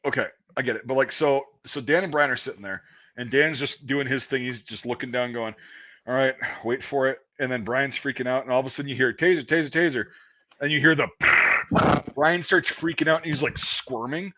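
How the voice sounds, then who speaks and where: A man's voice: mid-range voice, fairly quick, pushed and bright. Profane veteran man telling army stories. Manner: swears a lot, mimics screams when retelling. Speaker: podcast host. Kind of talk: casual profane chat. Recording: dull lo-fi sound.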